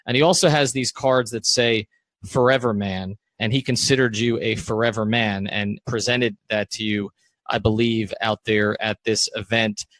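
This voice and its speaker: A male podcast host and sports writer giving background and asking interview questions in a measured, explanatory way. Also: fairly low pitch, fairly even intonation, a bit bright, no echo. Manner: measured, explanatory, with frequent "uh" fillers.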